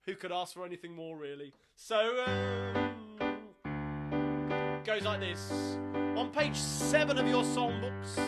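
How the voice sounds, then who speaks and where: A man's voice: high-pitched, expressive, slow pace, pauses often. A man hosting a live sing-along stream, chatting between songs in a rambling, filler-heavy way. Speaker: sing-along host and pianist. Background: loud piano playing.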